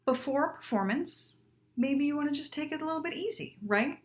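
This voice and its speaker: In a casual video lesson for singers, a woman in her thirties speaks fairly quickly in a high-pitched voice. Emphatic and lively, she keeps checking in by asking "right?".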